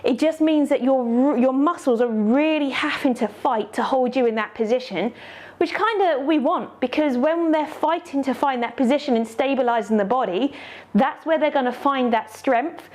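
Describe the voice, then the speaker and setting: A woman's voice: high-pitched, moderate pace, a little mellow. A woman teaching a yoga class, cueing poses step by step in an encouraging way and slightly out of breath.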